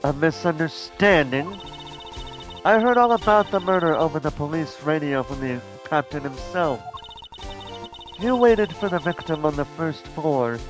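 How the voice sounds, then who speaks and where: A man's voice: fairly high pitch, expressive, a little slow, over music. A man voicing a proud, severe young female prosecutor in a raised, imperious, scolding tone while reading a game script.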